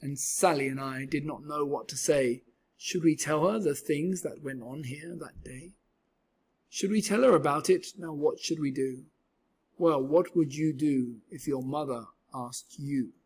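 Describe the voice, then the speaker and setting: Husky man reading a rhyming kids' book. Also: fairly high pitch, measured pace. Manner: rhythmic, expressive. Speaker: storyteller. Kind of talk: reading a children's book aloud.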